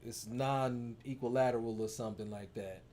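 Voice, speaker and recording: A man's voice: mid-range voice, steady tone, moderate pace, dark tone. A man chatting casually and playfully as co-host, telling stories and acting out quotes. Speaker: co-host, partner of the coach. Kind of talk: casual chat.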